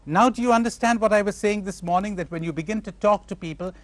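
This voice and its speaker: A man giving a spiritual lecture to a live audience, animated and questioning his listeners, acting out imagined replies. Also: high-pitched, fast, no echo. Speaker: spiritual teacher.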